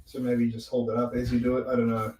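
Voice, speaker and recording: A man's voice: medium pitch, monotone, fast, warm tone, slight background noise. A man reads viewer comments aloud on a craft livestream, casual and offhand, with small laughs. He is heard from a distance in an echoey room, with faint clicks in the background. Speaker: livestream co-host reading comments. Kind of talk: casual live chat. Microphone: away from the mic.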